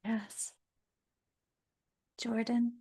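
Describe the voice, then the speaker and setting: A woman speech-language pathologist hosting a podcast, speaking candidly and with feeling, in rushes and restarts. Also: on the high side, little pitch movement, mellow, breathy edge. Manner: heartfelt, talks in rushes and restarts. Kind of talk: candid, emotional conversation.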